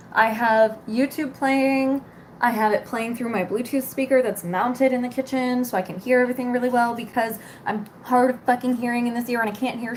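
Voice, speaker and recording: A woman's voice: a little high, slight background noise. A young woman vlogger ranting casually to camera, exasperated, swearing and rambling.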